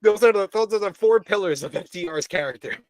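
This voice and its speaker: A man with a slightly high voice chats casually as a show co-host, reading viewer messages aloud and breaking into laughter often. His voice is recorded close and dry. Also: expressive, quick pace, no echo. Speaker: co-host of a wrestling review show.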